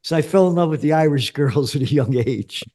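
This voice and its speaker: This seventies-aged man, interviewed as a guest, has a New York accent and a mellow, fairly high voice that runs rather fast. He's blunt and emphatic in the conversation, and he doesn't hold back on swearing.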